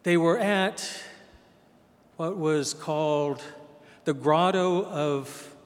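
Slow-speaking preacher in echoing church. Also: male voice, a little high. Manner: conversational storytelling, acts out quoted voices. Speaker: pastor. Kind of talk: sermon. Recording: long hall reverb.

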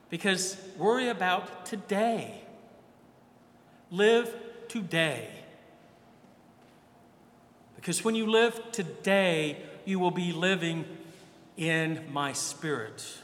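Male priest, high voice, slow deliberate delivery, echoey church recording. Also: a bit bright. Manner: conversational preaching, acts out quoted voices. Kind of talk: sermon.

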